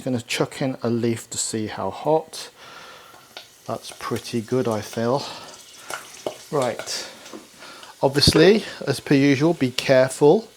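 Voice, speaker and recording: A man's voice: medium pitch, noisy background. A man hosting a casual cooking demonstration in a kitchen, chatty and upbeat, with easy laughter. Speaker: cooking show host.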